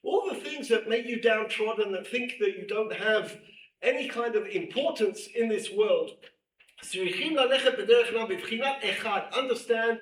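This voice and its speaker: A man teaching a class, animated and emphatic, repeating key phrases and reading Hebrew texts quickly. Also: high-pitched. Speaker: teacher at a women's seminary. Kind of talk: lecture to a class. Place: room with a class present. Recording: echoey room, distant mic, faint hiss.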